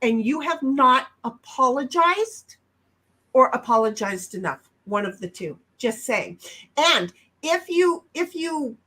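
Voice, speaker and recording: High-voiced brash woman streamer. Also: expressive, slow pace. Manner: blunt, brash and swearing, with sudden loud outbursts. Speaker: livestream co-host. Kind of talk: casual chat.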